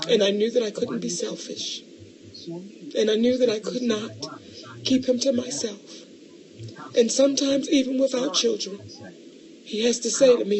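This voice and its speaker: Loud, profane middle-aged woman co-host. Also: fairly high pitch, fairly even intonation, moderate pace, long pauses. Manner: loud, profane and emotional, calls listeners baby. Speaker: podcast co-host. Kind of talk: casual chat.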